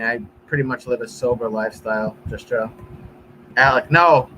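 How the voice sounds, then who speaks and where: A man's voice: medium pitch, normal speed, pushed and bright, slight background noise, low-quality recording. A man live streaming, chatting casually with viewers in a rambling, profane way.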